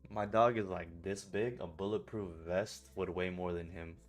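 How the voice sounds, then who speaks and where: A man's voice: low-pitched, steady tone, normal speed, faint music behind. A young man trading streamer telling casual stories in a blunt, profane way. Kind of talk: casual vlog monologue.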